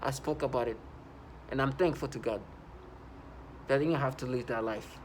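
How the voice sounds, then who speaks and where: A man's voice: medium pitch, normal speed, slight background noise. A man delivering a rambling personal vlog monologue, agitated, with frequent restarts and self-corrections. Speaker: vlogger.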